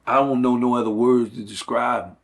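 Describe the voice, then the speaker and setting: A man's voice: medium pitch, fairly even intonation, fairly quick. A middle-aged man talking earnestly in a casual conversation, with many fillers and restarts. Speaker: guest.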